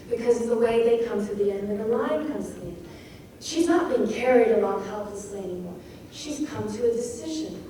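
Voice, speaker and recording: A woman's voice: fairly high pitch, dark tone. A woman teaching a poetry craft talk, reading lines aloud with emphasis and reflection. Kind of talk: lecture analyzing a poem. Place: lecture hall. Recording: distant, very echoey hall recording with faint noise.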